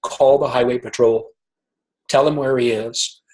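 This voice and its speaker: Emotional halting man telling a story. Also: mid-range voice, fairly even intonation, darkish tone, rough recording. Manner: emotional, halting, repeats words. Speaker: guest author. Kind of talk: storytelling in conversation.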